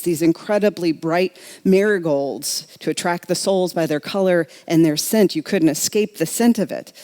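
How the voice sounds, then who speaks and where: A woman's voice: on the low side, mellow. A middle-aged woman minister preaching a sermon in a reflective, conversational way, speaking directly to her congregation. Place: church sanctuary.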